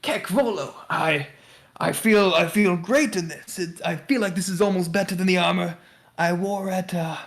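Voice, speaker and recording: A man's voice: fairly high pitch, fairly bright tone, natural voice. A man voicing an earnest, noble male warrior in a tabletop game.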